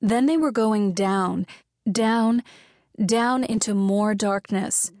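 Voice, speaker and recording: A woman reads a romance novel aloud in a measured, clear storytelling voice. Her pitch sits in a middle range, and the studio recording is close and dry. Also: darkish tone, no room sound. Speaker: audiobook narrator. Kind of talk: scripted narration.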